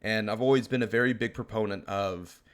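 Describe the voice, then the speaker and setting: A man's voice: fairly low pitch, fairly even intonation, brisk, clean tone. Young guy on a podcast just chatting, laughs a bunch, kinda rambly. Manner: laughs often, rambling storyteller. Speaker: podcast co-host. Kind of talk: casual chat.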